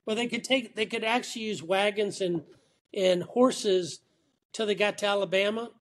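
A man's voice: sits high, normal speed, slight background noise. A man who is a guest on an interview show, joining remotely and telling stories in a chatty way with frequent restarts. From Atlanta, Georgia. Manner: talkative, storytelling with repeated restarts. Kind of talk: casual interview chat. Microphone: remote call.

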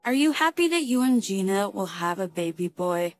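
A woman voicing a calm, sarcastic betrayed husband in a spoken story. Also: medium pitch, normal speed, no room sound, studio quality, faint music behind, natural voice.

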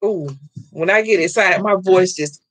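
A woman hosting a live crafting stream from home, loud and excitable, chatting with viewers and laughing often. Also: lowish voice, no echo. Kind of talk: casual live-stream chat, reading viewer comments.

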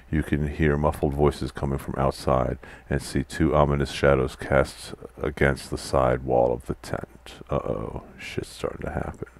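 A man's voice: very deep voice, dry recording. A man playing a text adventure game, reading the game text aloud and chatting casually between commands. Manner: quiet, mutters typed commands. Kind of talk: casual let's-play commentary.

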